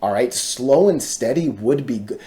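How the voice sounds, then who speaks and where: A man giving casual, excitable stock chart commentary, chanting repeated words and checking in with viewers. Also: medium pitch, unhurried. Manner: talks to viewers directly, frequent "right?" and "all right?".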